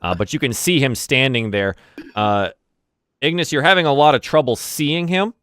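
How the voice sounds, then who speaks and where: A man's voice: mid-range voice, normal speed, fairly bright tone, smooth. A man narrating as game master, rambling with many fillers and restarts.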